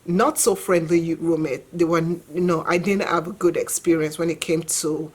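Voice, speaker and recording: Woman in her forties, lowish voice. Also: steady tone, moderate pace, darkish tone, husky. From Nigeria. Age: 40s. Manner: reflective, earnest, conversational with fillers. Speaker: vlogger and mother. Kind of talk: personal storytelling to camera.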